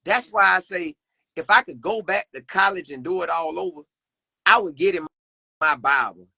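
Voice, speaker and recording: High bright-voiced young man testifying. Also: moderate pace, gravelly, dry recording. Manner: earnest, preacherly, repeats phrases. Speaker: podcast guest. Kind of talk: casual faith conversation.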